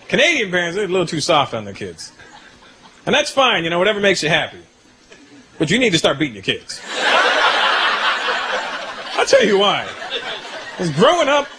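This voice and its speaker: Animated high-voiced man doing stand-up. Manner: animated, punchline-driven, conversational. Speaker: stand-up comedian. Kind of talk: stand-up comedy routine. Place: comedy stage before a live audience. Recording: live show, loud audience laughter and noise.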